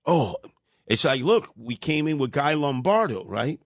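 A man's voice: mid-range voice, sing-song, measured pace, no echo. An older man hosting a radio talk show, rambling and wisecracking as he ribs his younger co-hosts. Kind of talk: casual talk radio banter.

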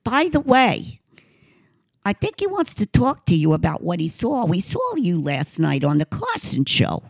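Brief: woman doing a loud, bossy Queens-accented secretary who guards her boss. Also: lowish voice, huge pitch swings, normal speed, vocal fry, breathy edge, no room sound, heavily acted. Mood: brisk, insistent. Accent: Queens, New York. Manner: bossy, chatty, insistent. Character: brisk protective female secretary, pushy gatekeeper.

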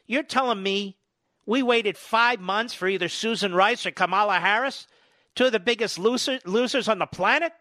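Sarcastic high-voiced radio host man. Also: sharp tone, dry recording, clean studio sound. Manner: combative, sarcastic, rapid-fire rhetorical questions. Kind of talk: political talk radio monologue.

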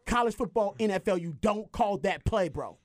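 A man co-hosting a casual sports podcast, animated and exclaiming in disbelief. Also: high voice, normal speed, dry recording, clean studio sound. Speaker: podcast co-host.

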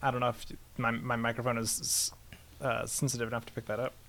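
A man's voice: medium pitch, little pitch movement, fast, vocal fry, a bit bright. A man co-hosting a casual podcast over a call, with dry, laid-back joking. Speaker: podcast co-host.

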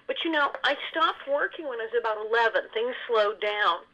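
A woman with a bright, forceful voice tells stories in a quick, animated way, breaking into laughter often. She sounds like a guest chatting casually in an interview. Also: fairly high pitch, dull audio. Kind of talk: casual storytelling chat.

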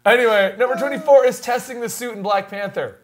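A man with a high voice talks fast and eagerly as co-host of a casual chat. He jokes around with an animated manner. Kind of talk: casual chat about comic films.

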